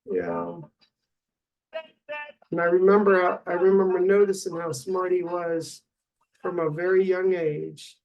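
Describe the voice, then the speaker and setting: A man's voice: high voice, level tone, slow pace, gravelly, pauses often, muffled recording. A middle-aged man and father rambling through a personal video diary, meandering with many fillers and restarts. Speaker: father recording a video log.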